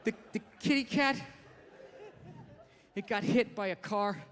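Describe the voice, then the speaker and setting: A man's voice: high voice, measured pace, fairly bright tone. A man playing a sad, reluctant zookeeper woman who hems and mumbles, in a live stand-up bit. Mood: dejected. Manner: hesitant, hemming and mumbling.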